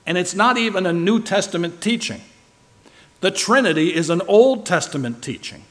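A man preaching a sermon, his voice a touch higher than most men's. He leans hard on key words and swings between loud and soft to drive each point home, checking in with rhetorical questions. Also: expressive, moderate pace. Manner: emphatic, shifting loud and soft for stress; asks the listeners rhetorical questions.

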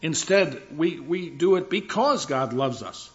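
A man preaching a sermon, earnest and emphatic, reading scripture slowly and repeating phrases for stress. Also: a little high, lively intonation, a bit bright. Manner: reads scripture slowly and deliberately. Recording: dull lo-fi sound.

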